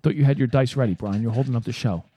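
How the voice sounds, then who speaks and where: A man co-hosting a tabletop game podcast, talking in casual banter, animated and mock-exasperated, swearing freely. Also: mid-range voice, racing, husky, muffled recording. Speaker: podcast co-host and game master.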